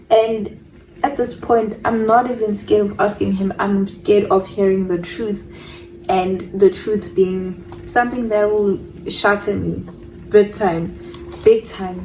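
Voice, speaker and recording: A young woman recounts a personal story in a casual, emotional way, often stopping and restarting her sentences. Her voice is mellow and sits at a middle pitch. A faint hiss of noise runs under the recording. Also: distant mic, poor audio. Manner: emotional, hesitant, with many restarts.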